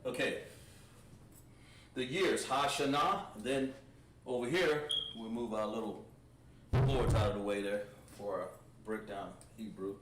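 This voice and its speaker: A man teaching a livestreamed Hebrew language class, slowly drilling words with lots of repetition. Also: fairly low pitch. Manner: slow, repetitive, drawn-out pronunciation drills. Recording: roomy echo, distant mic, faint background noise.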